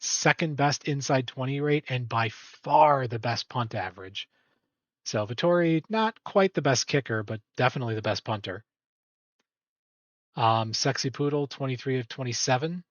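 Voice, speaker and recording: A man's voice: mid-range voice, no echo, muffled recording. A man hosting an online sports league awards show in casual, rambling commentary that often corrects itself. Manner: rambling, self-correcting, chatty.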